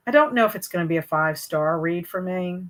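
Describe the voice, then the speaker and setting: A woman hosts a casual book livestream and chats with her viewers. Her voice sits a little low, and her manner is chatty and hesitant, with many fillers and restarts. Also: fast, a bit bright. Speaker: booktube host reading live chat.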